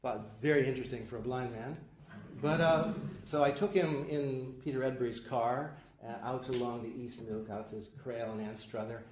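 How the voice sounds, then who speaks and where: A man's voice: mid-range voice, moderate pace. Man telling a story in an echoey hall. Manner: relaxed, conversational, soft-spoken asides. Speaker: lecturer. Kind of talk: anecdotal storytelling. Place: lecture hall. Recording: echoey hall, faint noise.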